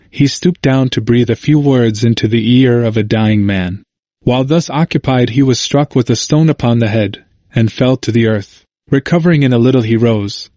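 Male narrator for a history audiobook; measured, solemn delivery, dry recording. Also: medium pitch, warm tone, no echo.

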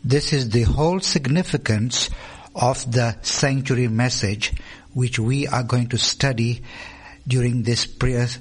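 A man with a husky, mid-range voice preaches a sermon, deliberately reading out scripture references. He asks the congregation questions and then answers them himself.

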